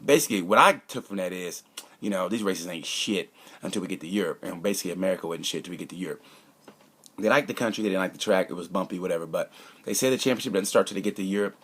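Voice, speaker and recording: A man's voice: low voice, quick pace, fairly bright tone, breathy edge. A man giving a casual, opinionated race review. He rambles, cracks jokes and sometimes drops to a conspiratorial whisper. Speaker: motorcycle racing commentator.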